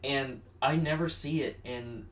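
Male co-host, mid-pitched, wry chatty talk, echoey room, mic at a distance. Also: steady tone, a little slow, a little hiss or hum. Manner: chatty, wry, knowledgeable about martial arts. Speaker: podcast co-host. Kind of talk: casual movie review chat.

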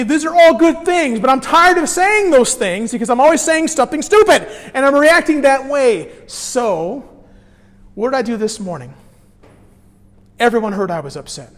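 A male pastor preaching a sermon, telling a personal story with animated swings between quiet, low moments and loud bursts. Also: normal speed, long reverb tail.

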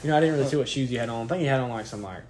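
A man's voice: medium pitch, very fast, noisy background. A man co-hosting a podcast in casual, profane chat, rambling through stories and often checking that the listener follows. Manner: profane, keeps asking "you know what I mean"; rambling storyteller. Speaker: podcast co-host.

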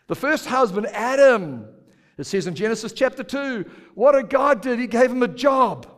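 A man's voice: very high-pitched, lively intonation, moderate pace, long reverb tail. A male pastor preaching a sermon, playful and joking with the congregation, drawing them in to repeat words back.

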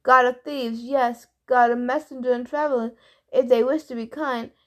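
A laid-back but always-busy male messenger god from a storybook, as a woman reads him aloud. He talks in a breezy, offhand way, like a businessman between calls, and the voice sits high. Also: fairly even intonation, normal speed, lightly acted. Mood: amused. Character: easygoing, fast-talking male messenger god.

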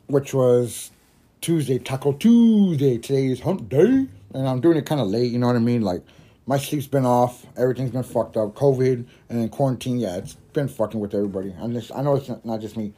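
Stoned male podcaster, loose rambling delivery, curses constantly, mellow tone. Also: mid-range voice, moderate pace. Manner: rambling, heavy swearing, laughs at own jokes. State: high while smoking. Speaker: podcast host. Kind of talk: casual storytelling monologue.

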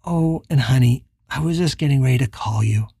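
A gentle, concerned woman friend speaking softly on the phone, as the narrator puts her on. The voice stays mellow and husky, in a dry, close sound. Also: very deep voice, a little fast, dry recording, heavily acted. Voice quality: soft.

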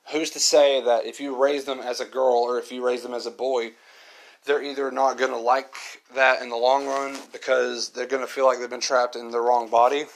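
A man hosting his own podcast, talking in an earnest, reflective monologue and often repeating himself. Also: mid-range voice. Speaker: podcast host.

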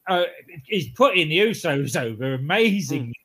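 A man's voice: on the high side, very animated, normal speed, fairly bright tone, breathy edge. A man co-hosting a casual wrestling podcast, telling rambling anecdotes and chuckling at his own jokes. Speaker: podcast co-host.

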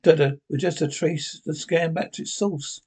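A man with a husky voice reading the lines of an eccentric male time traveller, naming the character before each line. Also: a little high, fairly even intonation, normal speed, a little mellow. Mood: brisk.

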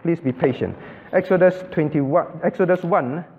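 A man's voice: a little high, moderate pace. A man pastor teaching a sermon, explaining step by step and often asking the audience if they follow, with some non-native English phrasing. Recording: phone-like band, long hall reverb.

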